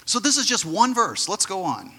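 Pastor, male: bright, forceful, slightly higher voice; talks the congregation through scripture conversationally. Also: huge pitch swings, moderate pace, slightly rough. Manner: conversational teaching with frequent restarts; acts out the quoted figures in his own voice. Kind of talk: sermon.

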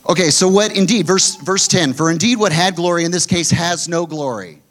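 Middle-aged man, pastor, sermon delivery, forceful emphasis with quiet low drops. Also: moderate pace. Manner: emphatic preaching, swinging between loud high pushes and low quiet drops.

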